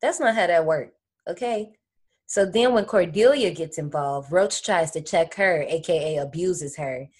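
Podcast host, woman, deep for her sex, loose and slangy, playful recap banter. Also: a little slow, a little mellow, husky. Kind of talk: casual movie recap chat.

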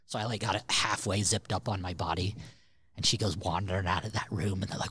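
A man with a low, husky voice rambles through a party anecdote on a podcast, cursing casually as he goes. The sound is close and dry, with no room around it. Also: steady tone, brisk, pushed and bright, no room sound. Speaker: podcast co-host. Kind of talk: casual storytelling chat.

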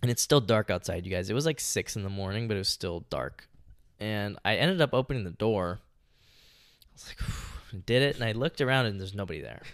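On a clean, dry studio recording, a young man co-hosting a podcast talks fast in a lowish, expressive voice. His casual storytelling wanders, is full of profanity, and is packed with "like" and "you know."

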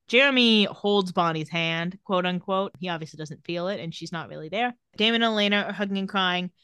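A woman's voice: mid-range voice, brisk, few pauses, sharp tone, smooth, no room sound, clean studio sound. A woman co-hosting a casual podcast, recapping a TV episode scene by scene with wry asides and frequent laughter. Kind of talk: casual chat.

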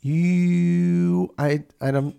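A man's voice: high-pitched, steady tone, drawn-out words, gravelly, mellow, smooth, exaggerated voice. A man voicing a naive podcast host in hell, hesitant and full of restarts. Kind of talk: improvised comedy podcast acting.

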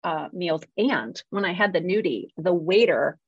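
A woman's voice: lowish voice, expressive, measured pace, slightly rough, dry recording. Chatty woman, dull dry audio. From California. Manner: chatty, self-mocking, acts out quotes. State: jet-lagged. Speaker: podcast co-host. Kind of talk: casual podcast chat.

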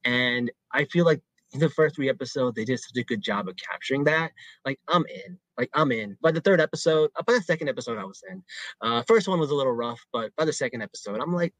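A man's voice: mid-range voice, lively intonation, fast, fairly bright tone, dry recording, poor audio. A man co-hosting a podcast in casual chat, enthusiastic and slangy, full of "like" and "you know". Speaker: podcast co-host.

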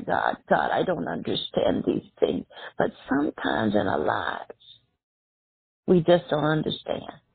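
A woman preaching a sermon in a slow, emphatic style, her voice rising sharply on key words. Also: vocal fry, husky, no echo. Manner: slow, emphatic preaching with sudden high rises. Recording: tinny phone-like line.

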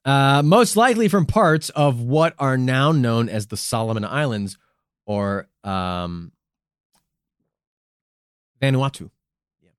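A man hosting a comedic podcast, playful and animated, who swears casually while explaining history. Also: mid-range voice, slow, long pauses, clean tone, no room sound, studio quality. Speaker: podcast host.

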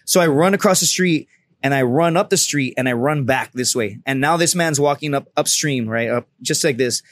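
A man's voice: medium pitch, normal speed, dry recording. A man guesting on a podcast, telling a story in a profane, comedic way and acting out the people in it. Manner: profane, acts out the people in his stories.

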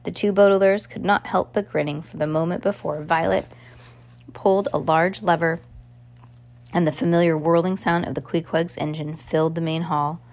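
A woman's voice: lowish voice, fairly even intonation, normal speed, a little mellow. A woman reading a novel aloud in an unpolished way, with stumbles and restarts. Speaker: reader.

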